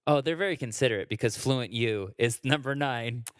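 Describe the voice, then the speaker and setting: A man's voice: medium pitch, brisk, smooth, no room sound, studio quality. A man, a comedian, joking around in a casual podcast conversation. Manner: jokey, plays with voices and sings comic songs. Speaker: comedian guest.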